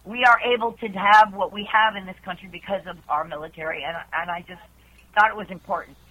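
A woman's voice: mid-range voice, steady tone, fairly quick. Woman reading poetry over a phone line. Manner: earnest, chatty between poems. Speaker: caller reading her poems. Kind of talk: poetry reading on a call-in show. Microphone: telephone.

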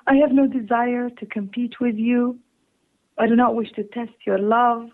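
A woman caller from Canada reading her own love poem slowly and tenderly over the phone. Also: a little high, fairly even intonation. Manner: slow, tender recital with laughing asides. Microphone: telephone. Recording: tinny phone line.

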